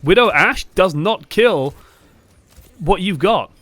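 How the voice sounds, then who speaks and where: A young man coaching over gameplay footage, moving from calm breakdowns to exasperated outbursts and swearing bluntly. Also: sits high, slow pace, no echo. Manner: swings from calm analysis to exasperated shouting. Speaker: game coach. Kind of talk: live-streamed gameplay review commentary.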